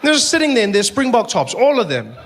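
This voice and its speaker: High-voiced South African comedian on stage. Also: male voice, quick pace, noisy background. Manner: animated, jumps into voices, laughing asides. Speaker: stand-up comedian. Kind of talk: stand-up comedy. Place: comedy stage before a live audience.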